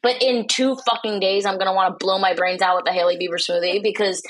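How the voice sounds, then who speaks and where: A woman's voice: mid-range voice, fairly even intonation, fast talker, fairly bright tone, low-quality recording. A woman comedian as a podcast guest, blunt and sardonic, swearing freely in casual chat.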